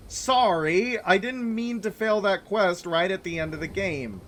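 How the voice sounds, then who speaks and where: A man's voice: high voice, takes it slowly, pauses often, fairly bright tone, a little hiss or hum. A young man giving let's play commentary, ranting in exasperation and repeating himself. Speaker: video game player.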